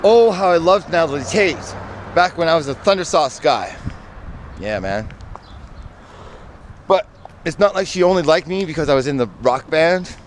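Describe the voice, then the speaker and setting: A man's voice: fairly high pitch, expressive, moderate pace, long pauses. A man telling personal stories in a casual, meandering monologue, often correcting himself and drifting into asides. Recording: outdoor traffic noise.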